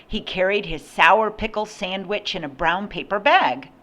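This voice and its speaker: An older woman reading a picture book aloud with slow, expressive storytelling. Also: medium pitch. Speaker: storybook reader.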